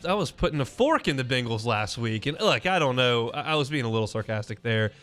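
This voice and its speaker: A man's voice: mid-range voice, lively intonation, fairly quick, noisy background. A man hosting a sports talk radio show, giving casual, opinionated takes with frequent restarts. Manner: conversational, opinionated, many restarts. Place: radio studio. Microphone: studio mic.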